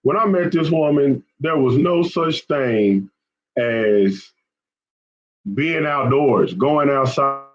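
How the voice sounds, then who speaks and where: A man's voice: medium pitch, takes it slowly, muffled recording. A man hosting a fishing channel, chatting casually with viewers on a live stream. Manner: chatty, repetitive, often says man and y'all.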